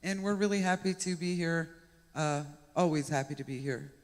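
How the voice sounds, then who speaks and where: High-voiced giggly male co-host. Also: moderate pace, in a large hall. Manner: giggly, playful, teasing. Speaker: radio co-host. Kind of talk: casual live radio banter. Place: live music venue room.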